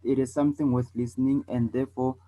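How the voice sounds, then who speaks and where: A man's voice: medium pitch, little pitch movement, rough recording. A man from South Africa teaching a debate lesson, repeating points and checking in often with "okay?" and "all right". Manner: demonstrates loud and soft, fast and slow speech.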